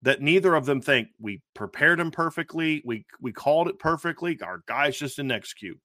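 A man's voice: a little high, animated, normal speed, sharp tone, no echo, studio quality. A man hosting a sports podcast, talking through football questions in an emphatic, repetitive way. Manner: emphatic, repeats himself and restarts. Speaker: podcast host. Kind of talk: sports talk show analysis.

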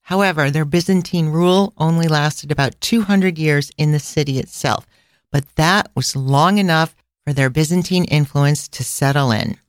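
A middle-aged woman co-hosting a casual travel podcast, chatty and quick to laugh, recorded close on a studio mic. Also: low voice, no room sound. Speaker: podcast co-host and travel planner.

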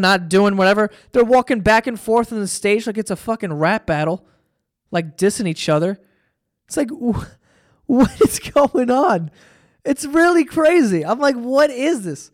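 A man with a high-sitting, animated voice hosts a solo podcast, ranting casually at an unhurried pace. He swears a lot and sounds sarcastically exasperated.

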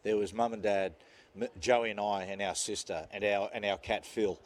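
A man's voice: fairly low pitch, steady tone, normal speed. An Australian man co-hosts in loose, jokey banter and drifts from story to story. He laughs at his own tales. Faint noise sits behind him. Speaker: radio show co-host. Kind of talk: casual banter.

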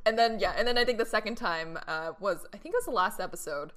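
A woman co-hosting a casual podcast chat, retelling drama scenes in a giggly, animated way. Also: mid-range voice, fast talker. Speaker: podcast co-host.

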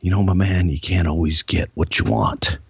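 A man impersonating a menacing male wrestler who speaks low and slow like a sly snake. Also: lively intonation, creaky, breathy edge, dry recording, full character voice. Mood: sinister. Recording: dry muffled lo-fi recording.

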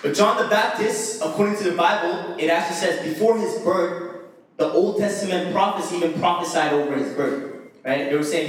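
A man's voice: sits high, moderate pace. A young man preaching a casual, slangy sermon with laughing asides to a congregation. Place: church hall. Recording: echoey hall, mic far off.

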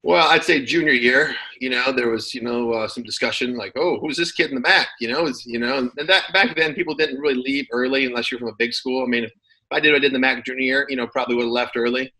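Bright-voiced man telling stories easily. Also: mid-range voice, quick pace, low-quality recording. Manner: relaxed storyteller, many fillers and restarts. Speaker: guest, former football player. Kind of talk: casual interview chat.

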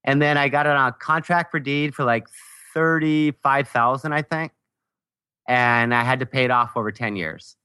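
Bright-voiced man telling a funny story. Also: mid-range voice, normal speed, clean tone, no room sound, studio quality. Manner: animated, laughing at his own mistakes. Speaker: podcast guest. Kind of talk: casual storytelling.

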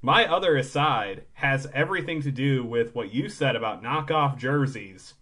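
A man's voice: medium pitch, expressive, normal speed, pushed and bright. Wry male podcast co-host. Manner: wry, sarcastic asides. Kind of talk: casual sports podcast chat.

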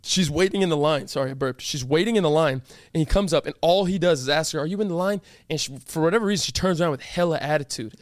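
A young man co-hosting a podcast, telling stories in a loud, animated way with quick impressions of other people. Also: fairly high pitch, no echo, clean studio sound. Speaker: podcast co-host. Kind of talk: casual chat.

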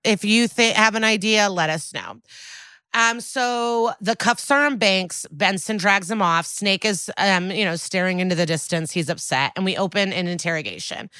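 Bright, chatty woman podcast host. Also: mid-range voice, normal speed, smooth, no echo, clean studio sound. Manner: chatty, quotes characters in lively bursts. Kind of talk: casual episode recap.

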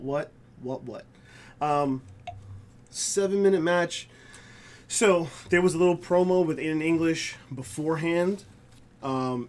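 Chatty podcast host, slightly high voice. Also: male voice. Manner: chatty, laughs often. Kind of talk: casual chat.

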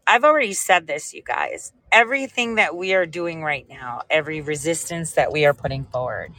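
A woman's voice: deep voice, moderate pace, no room sound, poor audio. Rambling woman chatting to viewers. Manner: rambling, animated storytelling; speaks directly to viewers. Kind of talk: casual livestream chat.

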